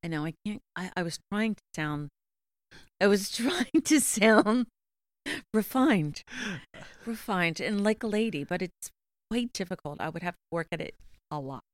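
A woman's voice: fairly low pitch, a little fast, no room sound, clean studio sound. A woman with a Philadelphia accent in casual chat, self-mocking and laughing often.

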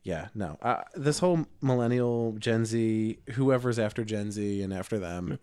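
A man's voice: fairly low pitch, animated, normal speed, a little mellow, clear, resonant tone, dry recording. A man co-hosting a podcast, talking in a loose, rambling, casual way. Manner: loose, rambling, swearing freely. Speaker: podcast co-host. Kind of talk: casual chat.

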